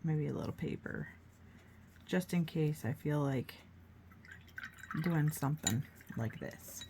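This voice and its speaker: A woman with a slightly low voice talks her way through a relaxed painting demonstration. She chats and thinks aloud, coaxing viewers to try it themselves. A faint hiss sits under her voice. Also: slow. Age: adult, grown child of a mother who paints. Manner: chatty, encouraging, thinking aloud while working. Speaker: art tutorial host.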